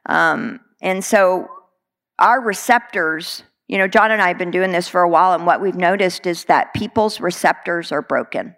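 A woman's voice: lowish voice, moderate pace, a bit bright. A middle-aged woman from Texas, preaching a sermon in an earnest, conversational way with many fillers.

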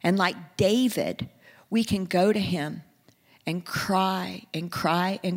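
A woman preaching a sermon, earnest, moving from hushed and soft passages to rising, emphatic ones. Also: fairly low pitch, fairly even intonation, slow pace, creaky, in a large hall.

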